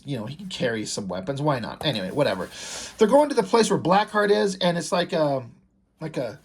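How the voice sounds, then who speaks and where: A man's voice: a little high, husky. A man casually reviewing a comic book, reading the dialogue aloud and swearing with enthusiasm. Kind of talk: casual comic read-through commentary.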